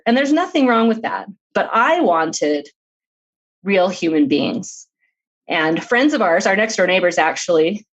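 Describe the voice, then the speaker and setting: A woman's voice: mid-range voice, highs cut off. A middle-aged woman, an author guest on a podcast interview, telling her personal story in an earnest, open way with light laughs.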